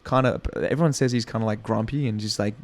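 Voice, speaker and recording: A man's voice: lowish voice, fast. Profane young Australian man telling stories. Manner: profane, animated storytelling. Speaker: podcast guest, actor and comedian. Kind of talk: casual podcast chat.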